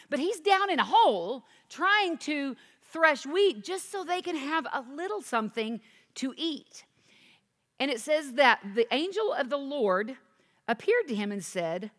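A woman's voice: high voice, fairly bright tone, big-room sound. A woman teaching a sermon, reading scripture aloud and then explaining it with questions to the listeners. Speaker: Bible teacher.

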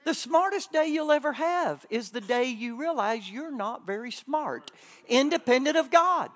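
Preacher, man, high and lively, joking sermon delivery. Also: measured pace, a faint crowd. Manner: animated, joking, swinging loud to soft. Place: church or conference hall.

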